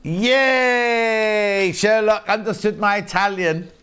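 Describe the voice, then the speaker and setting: A man hosting a live shopping channel, chatty and jokey and quick to laugh. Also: a little high, sing-song.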